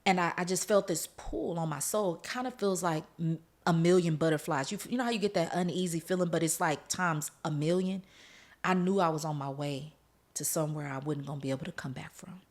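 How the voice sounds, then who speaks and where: A podcast host with a slightly low voice shares her personal testimony directly with her listeners, speaking fairly quickly. She is emotional and earnest, laughing her way through the tense moments of the story.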